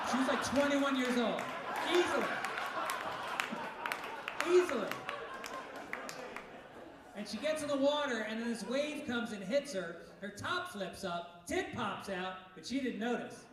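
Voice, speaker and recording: A middle-aged male stand-up comic with a fairly high voice, firing off jokes in a punchy, brash way and breaking into shouts now and then. He sounds set back from the mic, and his voice rings around a very echoey club room. A clear layer of noise sits under it all. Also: recorded from a distance. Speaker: stand-up comedian. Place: comedy club stage.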